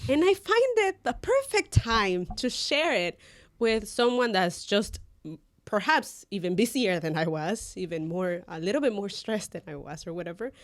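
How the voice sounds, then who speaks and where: A woman's voice: medium pitch, expressive, moderate pace, no echo. A woman co-hosting a podcast, telling an embarrassing story in casual chat, laughing often and slipping into Spanish phrases. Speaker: podcast co-host.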